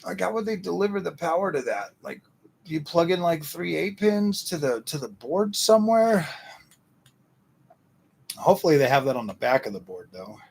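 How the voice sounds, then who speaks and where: A man with a raspy, fry-heavy voice pitched a little high hosts a casual livestream. He rants to chat in loose slang and keeps repeating and restarting his sentences. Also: sing-song, normal speed. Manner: slangy ranting, lots of "dude" and "man". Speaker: livestream host answering chat.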